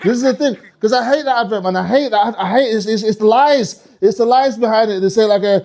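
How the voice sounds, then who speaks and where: A man from the UK performing a live stand-up comedy set, animated and swearing, with a stage mic in a comedy club. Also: sits high, fast talker. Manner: animated, swearing, slips into mock French voices.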